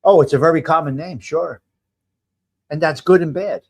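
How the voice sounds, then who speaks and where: His voice is fairly high, with a darkish tone and normal speed. He's a man in his fifties hosting a relaxed live stream at home, saying hello to viewers by name and rambling as he begins sentences again.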